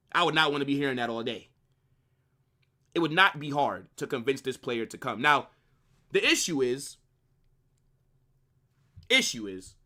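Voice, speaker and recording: A man's voice: fairly high pitch, pushed and bright. A young man hosting a football channel, ranting with brash slang in a fan commentary style.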